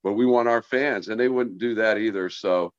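A man's voice: fairly low pitch, moderate pace, no echo. A man, a former baseball player, chatting on a podcast and telling long stories with restarts over a dull, dry remote line. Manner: storytelling, rambling with restarts. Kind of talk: casual podcast chat.

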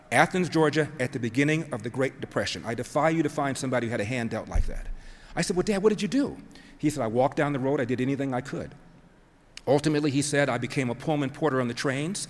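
A man giving an emphatic storytelling speech, acting out the voices he quotes. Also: medium pitch. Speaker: speaker telling a family story. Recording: long hall reverb.

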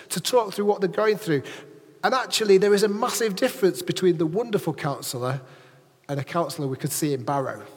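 A man preaching a lively sermon in a church, chatting with and questioning his congregation. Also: sits high, breathy edge, long reverb tail. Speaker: pastor.

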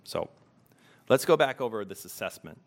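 A man preaching a sermon as pastor, reflective and unhurried, pausing to let questions sink in. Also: lowish voice, lively intonation, creaky.

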